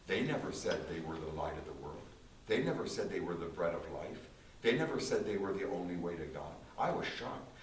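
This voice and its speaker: A man, a concert pianist, giving an emphatic church testimony with repetitive, dramatic slow phrasing, recorded in a small church. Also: deep voice, sing-song. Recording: roomy distant church recording with faint hiss.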